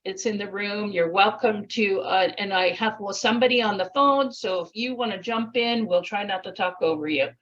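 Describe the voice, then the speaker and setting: A woman's voice: mid-range voice, normal speed, few pauses, fairly bright tone, dull audio. A woman coach leading an online workshop, upbeat and chatty, inviting the audience to join in. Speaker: speaking coach. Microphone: video call.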